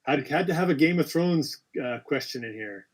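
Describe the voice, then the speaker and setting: A man's voice: fairly high pitch, lively intonation, normal speed. A man hosting a live-stream quiz, reading out questions with chatty, apologetic asides and frequent self-corrections. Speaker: quiz host.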